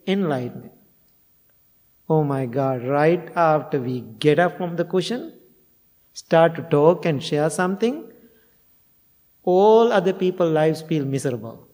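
Male monk, dharma talk, chuckles often, slightly high voice, reverberant hall. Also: warm tone. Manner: chuckles often, non-native phrasing. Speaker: Buddhist monk and meditation teacher. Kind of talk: dharma talk with personal stories.

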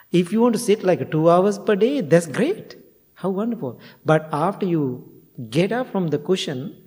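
A man's voice: on the high side, a little mellow. A male Buddhist monk giving a dharma talk, telling stories in non-native phrasing and chuckling often. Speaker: Buddhist monk and meditation teacher. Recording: long hall reverb.

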